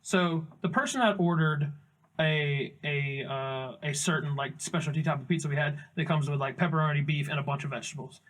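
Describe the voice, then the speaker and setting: A man's voice: fairly high pitch, fairly even intonation, brisk, a bit bright. A young man, casually telling a rambling, profane restaurant story as a comedy podcast co-host. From Augusta, Georgia, US. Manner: rambling storyteller, swears freely, acts out quotes.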